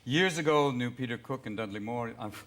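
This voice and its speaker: A man in his sixties, a comedian guest on a talk show, riffing fast and slipping into voices. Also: mid-range voice. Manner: rapid riffing, jumping into voices. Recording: loud clicking noise.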